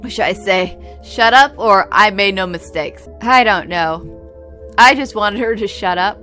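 A woman's voice: medium pitch, a little slow, sharp tone, faint music behind. A woman hosting a let's play, reading and thinking aloud about the game. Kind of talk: game commentary.

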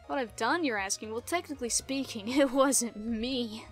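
A woman's voice: fairly high pitch, moderate pace, faint music behind, lightly acted. A woman voicing a smug male villain grunt in a put-on British accent.

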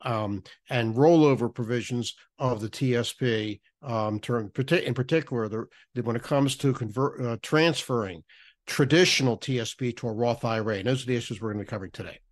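A federal benefits writer appearing as a podcast guest explains tax rules in a mid-range voice. His delivery is halting, full of restarts and repeated words, in an explanatory style of talk.

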